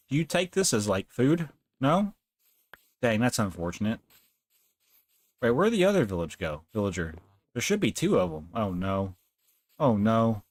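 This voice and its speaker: A young man live-streams a game, talking in a loose, casual way and laughing often. He chats straight to the characters on screen as he plays. His voice sits in a middle pitch. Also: no room sound.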